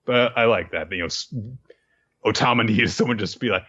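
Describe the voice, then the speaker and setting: A man's voice: lowish voice, a little fast, husky, highs cut off. A man co-hosting a casual podcast recap, acting out scenes and swearing freely. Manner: animated, acts out scenes, swears. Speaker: podcast co-host.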